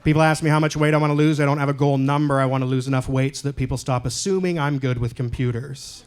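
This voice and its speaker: A male stand-up comedian from Canada doing a set in a comedy club, deadpan and self-deprecating, with loud punchlines. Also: mid-range voice, fast.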